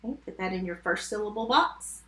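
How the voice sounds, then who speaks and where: A woman teaching a first grade phonics lesson remotely, sounding out words slowly and giving patient step-by-step instructions. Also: mid-range voice, expressive, pushed and bright, roomy sound.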